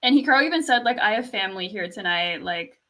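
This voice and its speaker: A young woman from Canada telling a concert story in casual chat, soft-spoken, full of "like" and little laughs. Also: medium pitch, expressive, quick pace, low-quality recording.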